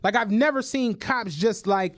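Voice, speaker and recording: A man co-hosting a podcast, telling stories in casual chat, animated and full of swearing and laughter. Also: high-pitched, normal speed. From United States. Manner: animated storytelling, swears a lot, laughs often. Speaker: podcast co-host.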